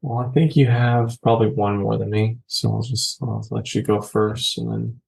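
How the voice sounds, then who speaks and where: A man's voice: medium pitch, steady tone, moderate pace, creaky, a little mellow. A man co-hosting a podcast, casually chatting about comics and retelling stories with jokes. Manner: storytelling, jokey retelling. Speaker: podcast co-host. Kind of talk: casual comic review chat.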